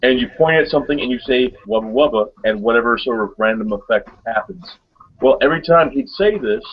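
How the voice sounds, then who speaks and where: A man with a husky, mid-range voice co-hosts a casual webcast chat in dull, lo-fi audio. He rambles through stories packed with fillers and laughs often.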